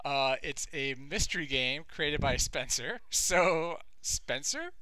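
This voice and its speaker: A man's voice: fairly high pitch, animated, slow pace, sharp tone. A man hosting a podcast and delivering a profane, exasperated comedic rant. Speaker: podcast host.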